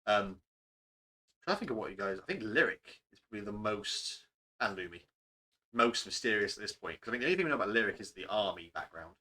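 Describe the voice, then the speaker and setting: Quick, bright-voiced man chatting. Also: on the low side, lively intonation. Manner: chatty, rambling, swears casually. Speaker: game master answering questions. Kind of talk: casual podcast Q&A chat.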